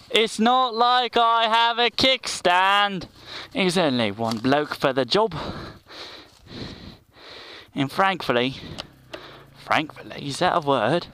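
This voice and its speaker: A man's voice: high voice, smooth, pitched above the performer's own voice, full character voice. A man putting on a playful, exaggerated English accent while riding a dirt bike. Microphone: helmet mic. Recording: loud motorcycle engine noise outdoors.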